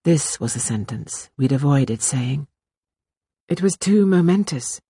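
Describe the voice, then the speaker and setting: A woman narrating a novel in the first person, in a measured, intimate reading style. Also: low voice, lively intonation, dark tone, slightly rough, no echo, studio quality. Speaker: audiobook narrator. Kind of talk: scripted narration.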